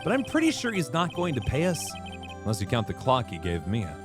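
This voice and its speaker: A man's voice: medium pitch, wildly swooping pitch, a little fast, over music. A man reading a reflective young lawyer's narration. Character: young male defense attorney narrating his case.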